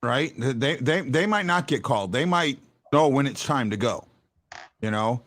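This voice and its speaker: A man hosts a casual postgame sports talk show, his mid-range voice lively, fairly bright, and at a moderate pace. He often stammers and restarts his sentences, and gets emphatic when arguing a point.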